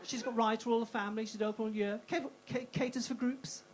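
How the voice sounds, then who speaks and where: Brash lady doing stand-up, kinda high voice, punchy and self-mocking. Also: steady tone, a little fast. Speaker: stand-up comedian. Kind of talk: stand-up comedy set. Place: comedy club stage.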